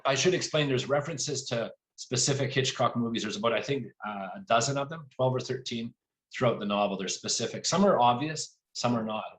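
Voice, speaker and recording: A man speaking as an author guest at a live library event, telling lively anecdotes and voicing quoted lines along the way. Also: medium pitch, a little fast.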